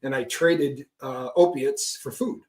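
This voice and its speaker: A man's voice: mid-range voice, a little slow, darkish tone. A middle-aged man talking frankly about recovery, emphatic and prone to tagging points with "right?". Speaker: guest speaker on recovery. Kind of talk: candid conversational talk.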